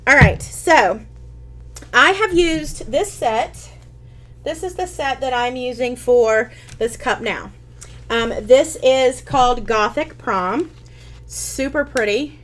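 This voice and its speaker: A woman's voice: high-pitched, slow pace. Chatty woman hosting a craft live stream. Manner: chatty, with frequent ums and restarts. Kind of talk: casual live-stream craft tutorial, answering viewer comments.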